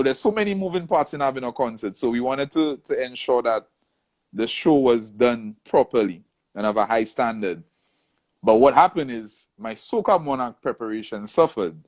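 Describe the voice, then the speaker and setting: Animated male storyteller. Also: medium pitch. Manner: animated storyteller, acts out quoted voices. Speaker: soca artist, interview guest. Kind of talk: casual storytelling interview.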